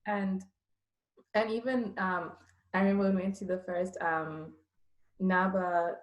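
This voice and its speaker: A woman's voice: medium pitch, steady tone, unhurried, dull audio. A woman in her twenties, a guest in a casual chat, talking in an admiring way with many fillers. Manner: warm, admiring and full of praise, with many fillers.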